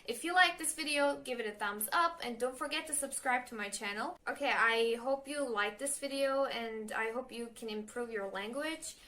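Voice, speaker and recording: A young woman with a Turkish accent, a Turkish native speaker, chatting nervously in a casual advice vlog, halting with many fillers and self-corrections. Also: on the high side, sharp tone. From Turkey. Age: young adult. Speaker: language learner vlogger.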